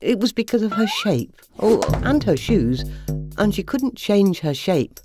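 A woman, a children's author, narrating a bedtime story in a playful, animated manner. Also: medium pitch, unhurried. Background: soft music.

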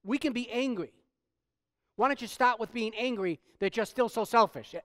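Man, pastor, sermon, high voice, smooth resonant tone, dry close sound, quiet then loud emphatic preaching. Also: normal speed, no echo.

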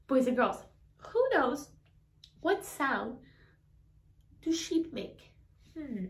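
A woman's voice: extremely high pitch, animated, slow, pauses often, fairly bright tone, distant mic. A woman teaching toddlers in a sing-song, coaxing way, asking the children questions and imitating animal sounds. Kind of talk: toddler learning video. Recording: echoey room, voice off-mic.

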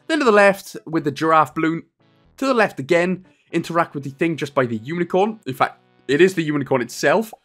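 A man's voice: on the high side, a bit bright. Jokey thirty-something man narrating a game guide. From Wales. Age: 30s. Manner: jokey, rambling, self-deprecating asides. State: losing his voice a bit. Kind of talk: casual gameplay walkthrough commentary.

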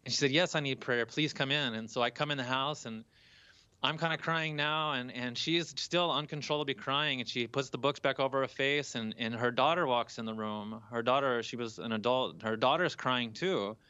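A man's voice: medium pitch, normal speed, bright, forceful tone, clean tone, dry recording, dull audio. A young man, a college student, telling a personal story earnestly in an interview, with some restarts. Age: young adult.

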